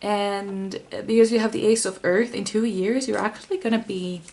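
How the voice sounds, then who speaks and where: A woman talks through a tarot spread in a loose, casual way. She rambles and restarts her sentences with plenty of fillers. Now and then her voice drops to a soft whisper. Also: medium pitch, steady tone, normal speed. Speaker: tarot reader. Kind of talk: casual tarot reading to camera.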